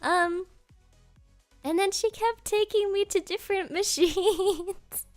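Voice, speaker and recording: Woman streamer, high voice, unhurried, giggly storyteller, dry close mic, faint music behind. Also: darkish tone, no echo. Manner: giggly, rambling, heavy fillers with Japanese interjections. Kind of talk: casual storytelling chat.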